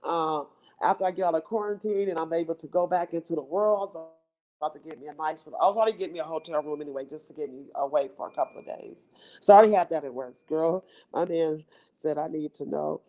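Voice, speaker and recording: A woman's voice: sits low, quick pace, warm tone. A woman vlogger chatting casually and playfully to her viewers into her phone, laughing often as she teases.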